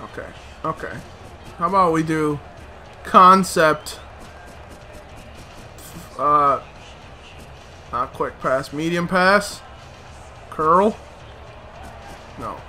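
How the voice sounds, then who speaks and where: A man's voice: fairly high pitch, extremely slow, pauses often, sharp tone, faint music behind. A man commenting on his own gameplay, muttering to himself, swearing in frustration and breaking into sudden outbursts. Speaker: let's play host.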